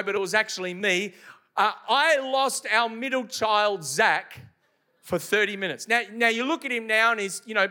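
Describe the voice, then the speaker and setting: Man, pastor, sermon, very high voice, bright and forceful, emphatic, asks the congregation questions. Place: church service before a congregation.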